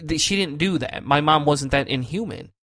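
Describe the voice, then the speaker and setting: A man's voice: on the high side, moderate pace, sharp tone. A man co-hosting a podcast, telling a long personal story in a loose, conversational way. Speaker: podcast co-host. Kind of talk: casual chat.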